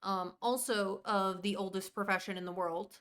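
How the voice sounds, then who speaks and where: Woman streamer, casual and chatty, mid-pitched voice, greets her chat while she plays. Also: fairly even intonation, normal speed. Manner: chatty, rambling, warmly greets viewers by name. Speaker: live streamer.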